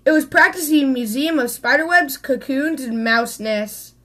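High-voiced woman reading a picture book. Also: moderate pace. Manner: expressive, with small slips and restarts. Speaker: storybook reader.

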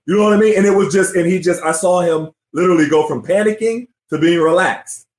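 A man in his forties, a former NBA player turned podcast host, runs a casual sports interview in a slightly high voice, talking quickly with hardly any pauses. He relates old stories energetically and keeps asking "you know what I mean?", with a roomy echo on the recording.

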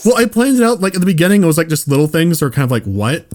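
A man co-hosting a podcast, recounting a prank in animated, profane casual chat. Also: sits high, racing. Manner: animated, swearing storyteller. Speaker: podcast co-host.

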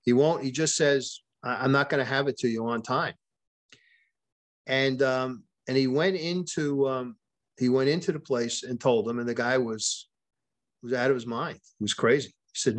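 A man's voice: medium pitch, moderate pace. Man retelling a story with many restarts. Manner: frequent restarts and repeated words; retells events with quoted dialogue. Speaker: podcast guest, author. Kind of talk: conversational storytelling in an interview.

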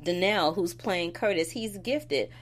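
A woman co-hosting a casual chat about a soap opera, animated and quick to laugh. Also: fairly low pitch, slight background noise. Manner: animated, laughs often, acts out quotes. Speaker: soap opera podcast co-host.

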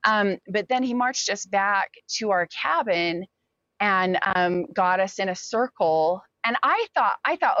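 A young woman tells her own story in an interview, candid and halting, full of "like" and "um", acting out what others said. Her voice sits a little low for a woman. The recording is dry and a bit dull, lo-fi. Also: fairly bright tone, no room sound. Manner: candid, with many fillers and quoted asides. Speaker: interview guest. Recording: dull, lo-fi sound.

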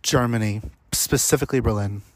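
A man's voice: lowish voice, brisk, dry recording. A young man hosting a casual podcast, joking and blunt, swearing now and then as he answers questions. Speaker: podcast host.

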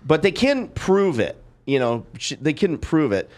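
Animated middle-aged male podcast host. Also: fairly high pitch, a little slow. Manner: lively storyteller, acts out quotes, swears freely. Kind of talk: casual podcast storytelling.

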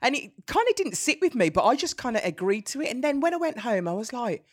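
A middle-aged woman with a Birmingham accent, a guest telling lively stories in an interview and laughing easily. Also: fairly high pitch, fast. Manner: animated storyteller, laughs easily. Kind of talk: conversational interview.

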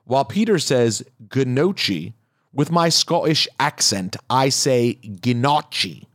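A man's voice: medium pitch, expressive, measured pace, no echo. Dry-voiced man reading listener mail. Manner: wry, reads letters aloud with asides. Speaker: podcast host.

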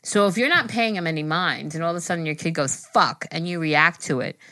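A woman's voice: fairly low pitch, expressive, fast, sharp tone, no room sound. A woman in her thirties co-hosting a casual podcast, talking frankly about her kids and swearing freely. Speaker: podcast co-host.

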